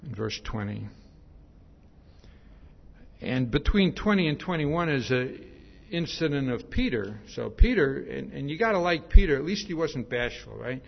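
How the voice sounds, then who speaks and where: A man preaching a sermon in a relaxed, conversational way, retelling a story with animated asides and frequent restarts. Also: medium pitch, normal speed, vocal fry. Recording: dull lo-fi recording.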